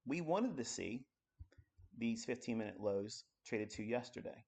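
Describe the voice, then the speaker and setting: A man's voice: medium pitch, expressive, a little slow, gravelly, a little mellow, husky. A man giving a live-streamed trading lesson, talking bluntly and coarsely while working through charts at his computer. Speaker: trading educator.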